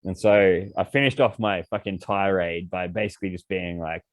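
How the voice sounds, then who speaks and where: A man's voice: deep voice, moderate pace, dry recording. A man, a podcast guest, telling casual stories full of swearing and filler words. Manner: swears freely, heavy filler words, animated. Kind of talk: casual storytelling.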